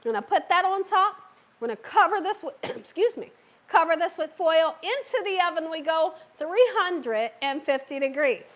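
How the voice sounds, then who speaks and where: Woman cooking host, live stream, high, bouncy voice, playful and chatty with her viewers. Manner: chatty, talks directly to viewers and live chat; playful, laughs and cheers herself on.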